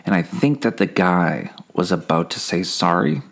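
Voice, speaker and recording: Low gravelly deadpan man. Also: moderate pace. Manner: deadpan, rambling with self-corrections; escalates mundane stories into dark punchlines. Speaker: comedy podcast host. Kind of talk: absurdist comic monologue.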